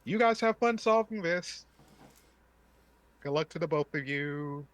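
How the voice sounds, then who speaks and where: A man's voice: mid-range voice, very animated, unhurried, a bit bright. A man voicing a lazy, dismissive character who brushes off work in an offhand tone.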